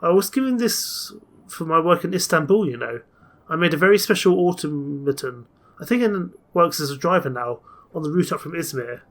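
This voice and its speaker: A man voicing a gruff but kind woman artificer, grumbling in a thick Yorkshire accent. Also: a little high, expressive, normal speed. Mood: proud. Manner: grumbling, blunt.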